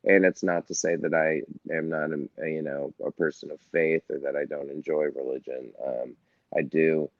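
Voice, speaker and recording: A man's voice: rumbling low, steady tone, normal speed, dry recording, muffled recording. A man in his thirties from New York, a band member chatting casually in an interview, joking, swearing freely and rambling. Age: 30s.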